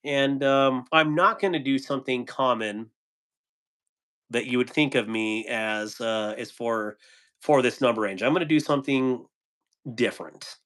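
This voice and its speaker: A man's voice: mid-range voice, a little slow, a bit bright. A man hosting a casual livestream, reading viewer comments aloud with frequent chuckles and trailing ums. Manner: laid-back, chuckles often, trails off with ums. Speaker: livestream host reading chat. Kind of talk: casual live chat.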